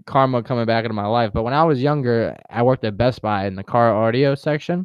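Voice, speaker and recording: Smooth-voiced young man joking on a podcast. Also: medium pitch, brisk, no room sound, highs cut off. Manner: laid-back, joking, casual swearing. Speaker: podcast co-host. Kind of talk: casual chat.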